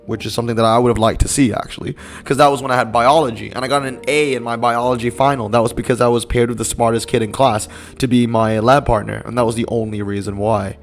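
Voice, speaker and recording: A man's voice: medium pitch, steady tone, fast, few pauses, faint music behind. A young man live-streaming a racing game, chatting casually and answering his chat in a rambling, laid-back way.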